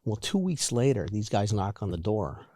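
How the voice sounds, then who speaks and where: Male, 40s, lowish voice, halting candid storyteller, dry sound. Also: sing-song, mellow, no echo. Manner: halting, repeats words and restarts. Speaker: guest sharing recovery story.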